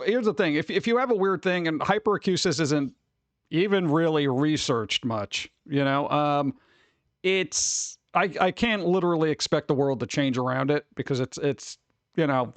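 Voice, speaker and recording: A man's voice: a little high, animated, normal speed, no echo. A man chatting casually with his stream chat, rambling with many restarts. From New York. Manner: rambling, restarts, mimics people in quotes.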